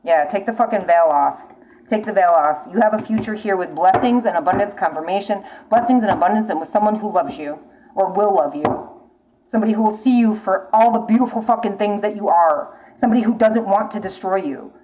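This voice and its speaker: A woman's voice: mid-range voice, fairly quick, dark tone, low-quality recording. Blunt, profane woman tarot reader. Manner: blunt, profane, urgent warnings with repetition. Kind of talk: casual spoken tarot reading.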